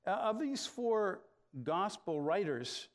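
A middle-aged pastor preaching in a relaxed, storytelling way, his speaking voice sitting a touch higher than most men's. He talks, pausing on "uh" as he works his way toward the point. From Canada. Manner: storytelling, frequent "uh" fillers, acts out dialogue. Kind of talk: conversational sermon with anecdotes.

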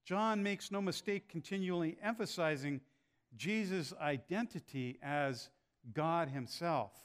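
A man preaching a sermon, speaking in a measured way with frequent "uh" pauses. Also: on the high side. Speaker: pastor.

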